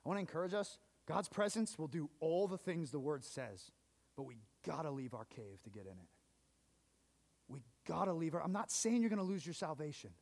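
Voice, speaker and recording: A male preacher with a fairly high voice that swings widely, rising in excitement, then dropping low and quiet for emphasis. He talks casually and conversationally, as if chatting with his congregation. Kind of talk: sermon.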